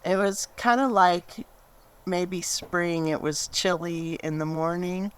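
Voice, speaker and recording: A woman's voice: lowish voice, steady tone, slow, clean tone. A woman telling a meandering anecdote as a speaker at a memorial gathering. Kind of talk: storytelling speech.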